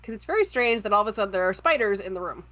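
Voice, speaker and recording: A woman's voice: mid-range voice, lively intonation, racing, a bit bright, dry recording. A woman playing a tabletop game on a live stream, inquisitive and teasing. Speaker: player.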